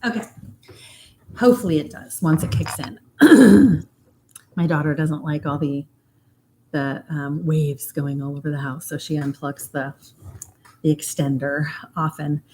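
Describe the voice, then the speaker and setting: A middle-aged woman with a slightly low voice speaks casually to her livestream audience as a hypnotherapist. She is chatty and animated, and she slows right down when she wants a point to land. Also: slight background noise.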